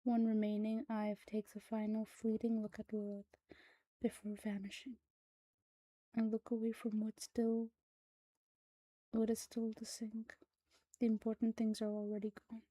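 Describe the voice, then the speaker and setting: Soft-spoken woman reading horror. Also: a little high, monotone, a little slow, long pauses, no room sound, poor audio. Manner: hushed, soft-spoken, drops to whispers. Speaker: narrator. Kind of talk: scripted horror story reading.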